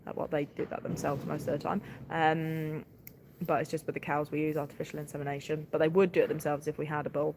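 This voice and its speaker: A woman's voice: deep voice, level tone, quick pace, gravelly, noisy background. A tired woman, a livestock farmer chatting casually on a live stream, giggling often and filling gaps with ums. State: tired, short on sleep.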